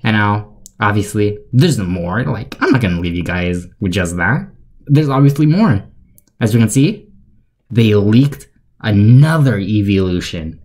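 A young man giving deadpan, sarcastic commentary for a joke video, rambling with fillers. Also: fairly low pitch. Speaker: YouTuber.

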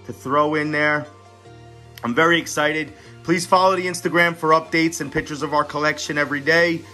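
A man's voice: fairly high pitch, pushed and bright. A man hosting a casual card-unboxing vlog, talking eagerly and chatting straight to his viewers. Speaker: card-opening channel host.

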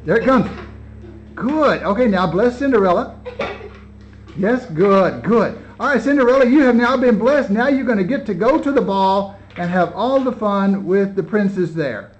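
A man with a notably high voice directs a children's play at home, coaxing the young actors along and heaping on encouragement as he narrates. He is filming as he talks. The camera audio is slightly dull and lo-fi, with a faint hiss underneath. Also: expressive, measured pace. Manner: coaxing, encouraging, repeating praise. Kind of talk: coaching children through a rehearsal while filming. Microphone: handheld camera mic.

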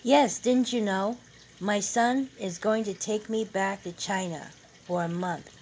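A woman's voice: medium pitch, measured pace, a little mellow, slight background noise, close to an everyday voice, poor audio. A woman reading aloud, voicing a proud and bossy older mother who boasts about her son. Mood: wistful. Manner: boastful, emphatic.

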